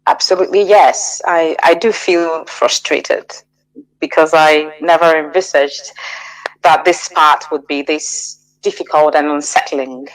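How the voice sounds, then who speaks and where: Her voice sits low and the audio is poor: a middle-aged woman, a guest on a radio interview, recounts personal experiences haltingly and with measure, full of fillers and restarts.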